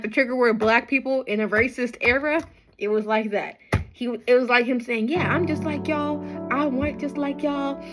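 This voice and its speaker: A young woman from Nigeria retelling a Bible story in casual slang, acting out the people in it with lively quoted voices. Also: low-quality recording. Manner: animated, acts out crowds with high-pitched quoted voices and slang. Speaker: bible study vlogger.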